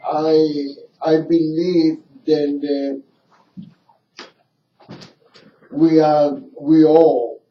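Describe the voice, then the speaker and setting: A slow-talking male radio host rambles through halting, filler-laden sentences. His voice is fairly high for a man and mellow in tone. He is heard from a bit back in a roomy studio, through a dull lo-fi mic with faint hiss. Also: recorded from a distance. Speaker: radio talk show host. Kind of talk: casual radio talk.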